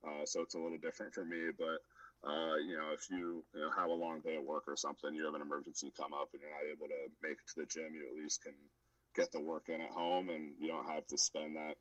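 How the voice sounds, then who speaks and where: A man with an extremely deep voice talks in a relaxed podcast chat. He is a powerlifting coach who hesitates often and fills the gaps. The sound is dry and close. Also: fast, no room sound, dull audio. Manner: hesitant, many fillers and restarts.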